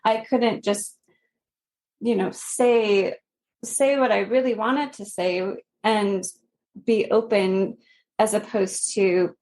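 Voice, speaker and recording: Woman guest in her 30s, slow earnest storytelling with soft laughs. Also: mid-range voice, steady tone. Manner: slow, earnest, laughing softly between phrases. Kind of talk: personal story in a podcast interview.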